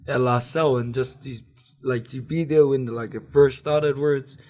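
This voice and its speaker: A man's voice: medium pitch, fairly even intonation, moderate pace, a little mellow, soft background music. A young man with a New Zealand accent, chatting casually as a guest with lots of slang and laughter. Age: young adult. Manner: laid-back, laughing, lots of slang and fillers. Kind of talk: casual chat.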